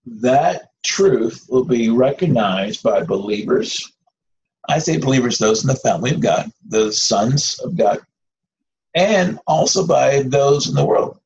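A man's voice: medium pitch, expressive, unhurried, gravelly, a little mellow. A man preaching an informal sermon in a conversational, rambling way, with restarts and asides. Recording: dull lo-fi recording with faint noise.

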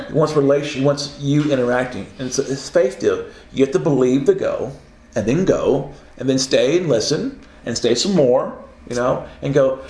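Male preacher, conversational teaching sermon, animated and playful, mid-range voice in a roomy space. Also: mid-range voice, moderate pace. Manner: animated, acts out quoted voices, laughs often.

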